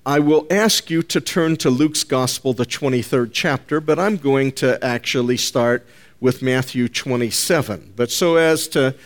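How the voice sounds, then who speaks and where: A mid-range male voice preaches to a congregation, deliberately and with emphasis, repeating important phrases and referring to the listeners as "folks."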